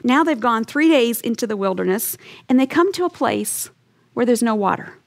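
A woman's voice: on the high side, animated, moderate pace, vocal fry. A woman teaching a Bible lesson in an earnest, emphatic storytelling way, acting out short quotes as she goes. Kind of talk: teaching sermon.

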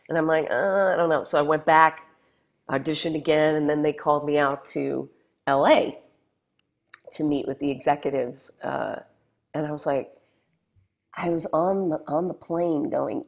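Middle-aged woman, low voice, animated storyteller who acts out quotes; interview guest. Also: moderate pace, creaky, muffled recording. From Texas, USA. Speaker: guest, former reality show contestant.

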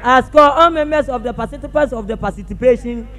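High-voiced Ghanaian man doing stage comedy. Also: quick pace, background noise. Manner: animated, acts out sounds with his voice. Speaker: comic storyteller. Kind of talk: live stage comedy monologue. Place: large theatre stage. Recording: hall reverb with faint music.

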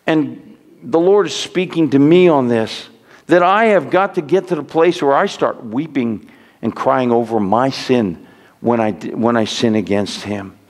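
A man's voice: mid-range voice, measured pace, in a large hall. A man preaching a sermon as pastor, earnest and pleading, often repeating words as he urges his listeners on. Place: church sanctuary.

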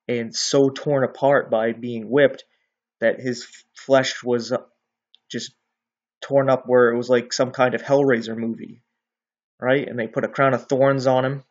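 A man talks through a Bible passage in a loose, conversational way, now and then checking in with his listener. His voice sits at an ordinary middle pitch. The recording sounds a little dull and lo-fi. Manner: conversational, often ends with "right?". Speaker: bible teacher. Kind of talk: casual bible teaching.

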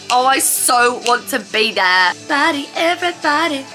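A woman gushing and squealing excitedly as she reacts to a dance show on TV. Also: high-pitched, measured pace, few pauses, rough recording. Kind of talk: watch-along reaction chat. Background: TV show with music playing.

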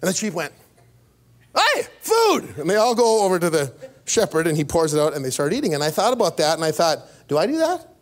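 Male pastor, high voice, storytelling sermon, voice leaps up when excited. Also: fast talker. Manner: storytelling with sudden pitch jumps and laughs. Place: church.

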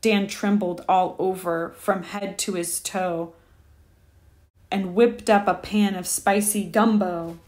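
A woman reading a rhyming children's picture book aloud with a lively, rhythmic delivery. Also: mid-range voice, slow pace. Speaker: storyteller.

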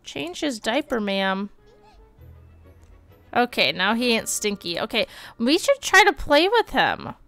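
A woman streaming live, commenting on a life-sim game with animated outbursts and quick read-outs. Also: a little high, vocal fry, faint music behind.

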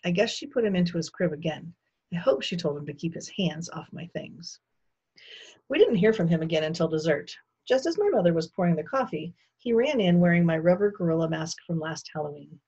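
Woman teacher reading aloud, low-pitched and husky, expressive delivery, dull lo-fi recording. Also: a little fast. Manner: expressive storytelling. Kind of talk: reading a children's novel aloud.

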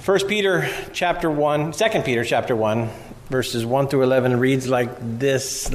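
A man's voice: mid-range voice, moderate pace, slight background noise. A male pastor giving a conversational sermon in a church and reading scripture aloud. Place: church sanctuary. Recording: reverberant church hall.

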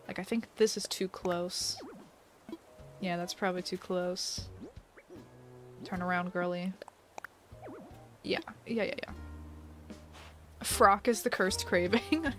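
A young woman hosting a casual live stream while playing a game, giggly and chatty, reading chat aloud. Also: mid-range voice. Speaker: livestream host.

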